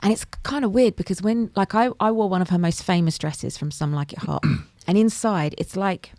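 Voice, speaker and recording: A chatty woman comedian spinning stories as a podcast guest, her voice carrying a gravelly fry. The sound is close and dry, with no room around it. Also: mid-range voice, moderate pace, no echo. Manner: chatty and animated, tells anecdotes. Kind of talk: lively casual chat. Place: podcast studio.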